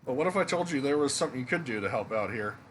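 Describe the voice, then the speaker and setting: A man's voice: mid-range voice, lively intonation, racing, a bit bright, slight background noise, natural voice, rough recording. A man playing a breezy, brassy innkeeper woman. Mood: persuasive. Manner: breezy, teasing, calls people honey.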